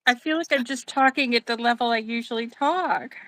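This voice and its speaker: A woman chatting casually over a video call while making resin, talking loudly and laughing easily, close to her phone mic. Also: fairly high pitch, fairly quick, no room sound, low-quality recording. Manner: loud, animated, laughs easily. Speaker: guest resin maker. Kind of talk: casual live-stream chat while crafting. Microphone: phone mic on a video call, close to the face.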